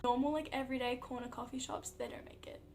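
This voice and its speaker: A young Australian woman, an athlete vlogger, chatting casually to camera in an animated storytelling way, full of fillers. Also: high-pitched, fast, creaky, a little hiss or hum.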